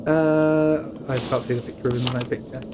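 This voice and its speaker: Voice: medium pitch, steady tone, fairly quick, heavy background noise. A British streamer playing a story game, reading its dialogue aloud and tossing in casual, wry asides while stumbling over names.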